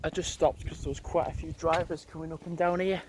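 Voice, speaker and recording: A man's voice: a little high, level tone, fairly quick, noisy background. Chatty man vlogging on a walk. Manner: rambling, chatty, thinking aloud. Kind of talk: casual walking vlog. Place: outdoors on a country road, walking dogs.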